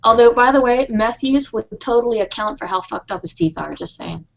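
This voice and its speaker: A woman's voice: a little high, animated, a little fast, gravelly, slight background noise. Blunt, bawdy chatting woman. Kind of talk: casual chat. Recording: dull lo-fi audio.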